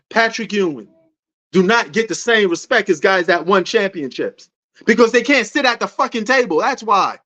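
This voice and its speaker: New guy yelling about sports on a stream, high voice, kinda muffled lo-fi audio. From New York. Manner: loud, passionate, argumentative. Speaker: sports talk show host. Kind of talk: livestream sports debate answering chat.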